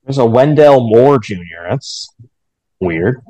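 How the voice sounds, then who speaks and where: A man co-hosting a casual podcast chat, running a mock draft with quick jokes. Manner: quick, joking, lively pitch swings.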